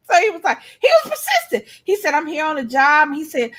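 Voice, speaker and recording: A middle-aged woman, telling animated, profane stories in casual chat as a co-host. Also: sits high, moderate pace. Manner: animated storytelling, blunt and profane.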